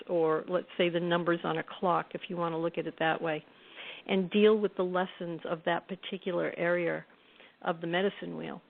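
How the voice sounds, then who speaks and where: A woman's voice: lowish voice, creaky. A middle-aged woman, a guest author, telling reflective stories in a conversational interview. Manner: reflective, warm-toned storytelling with soft laughs. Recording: tinny phone-line audio.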